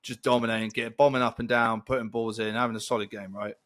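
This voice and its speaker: A man co-hosting a football podcast, telling a long story in a rambling, animated way. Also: mid-range voice, fast talker. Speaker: podcast co-host. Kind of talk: casual storytelling chat.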